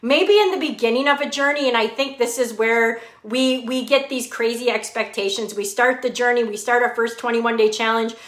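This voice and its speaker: A woman's voice: a little high, moderate pace, hardly any pauses, a bit bright. A woman hosting a casual live fitness chat, greeting viewers by name and laughing often. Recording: echoey room.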